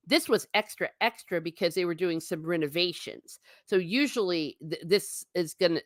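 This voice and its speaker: A woman's voice: fairly low pitch, no echo. A woman hosting a casual live stream, chatting irreverently with her viewers, laughing often and swearing mildly. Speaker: vlogger reading live chat.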